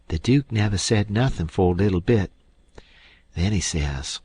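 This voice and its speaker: A man's voice: sits low, expressive, measured pace, slightly rough, no echo. A man narrating an audiobook in a plain, folksy first-person voice.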